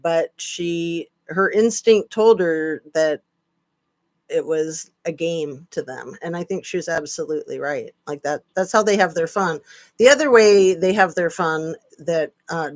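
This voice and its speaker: A woman's voice: lowish voice, dry recording. A woman hosting a casual live-stream chat, chatty with sarcastic asides. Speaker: channel host.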